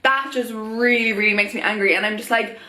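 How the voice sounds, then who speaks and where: A young woman talking casually to camera in an opinion vlog, chatty and animated, full of "like" and "oh my god". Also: fairly high pitch, fairly quick, echoey room. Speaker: vlogger.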